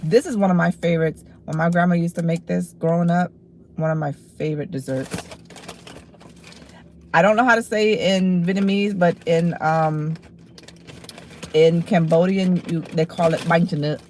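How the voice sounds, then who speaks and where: A woman streams herself eating and talks casually to her viewers. She is blunt and swears freely when she snaps back at her chat. She turns relaxed and chatty when she describes the food. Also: lowish voice, normal speed, slight background noise. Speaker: livestreamer.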